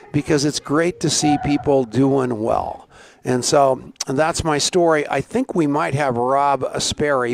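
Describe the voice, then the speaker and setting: A man's voice: on the high side, creaky, no echo. A middle-aged man hosting a live online show, chatty and rambling, greeting viewers by name. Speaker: show host.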